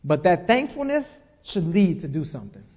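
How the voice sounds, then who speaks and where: High-voiced preaching man in a reverberant hall. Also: very animated, normal speed, a little mellow. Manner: emphatic preaching with repeated phrases and rising questions. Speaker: pastor. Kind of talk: sermon.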